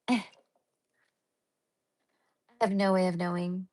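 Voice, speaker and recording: A woman with a lowish, slightly mellow voice speaks slowly and fairly evenly as she hosts a spiritual healing livestream. She chats warmly and casually with viewers, calling them honey and my love, rambling with plenty of fillers and restarts.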